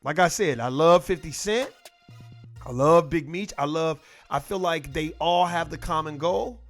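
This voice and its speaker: A middle-aged man talking casually to camera in a blunt, profane, animated way. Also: on the high side, a little slow, soft background music.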